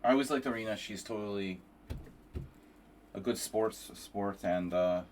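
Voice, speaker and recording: Rambling male chess streamer, low-pitched, tired and profane, loose casual talk. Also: a little slow, a little mellow, slight background noise. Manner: rambling and profane, many restarts.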